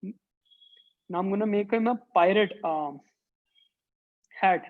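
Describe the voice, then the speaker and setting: A woman leads a children's drawing workshop, chatting through each stroke as she draws. Her voice sits at a middling pitch. The audio is dull and lo-fi, like an online class call. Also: slow. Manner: chatty, thinks aloud while drawing. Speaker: art teacher.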